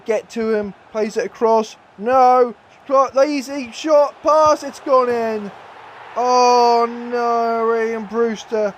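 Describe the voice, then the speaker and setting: A man commentating on his own football video game, excitable and bursting into shouts at every chance. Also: high voice, a little hiss or hum. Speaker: gaming YouTuber. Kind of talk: live play-by-play game commentary.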